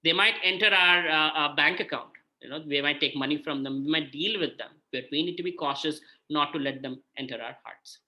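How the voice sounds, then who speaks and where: A man gives a conversational talk on scripture as a spiritual mentor. His voice is bright and forward. He speaks casually and often checks in with his listeners. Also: a little high, brisk, hardly any pauses. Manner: conversational, frequent "right?" check-ins.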